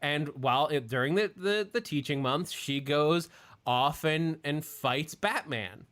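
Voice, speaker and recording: A man's voice: a little high, expressive, measured pace, a bit bright. A man hosting a podcast in casual chat, rambling with many fillers and restarts. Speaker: podcast host.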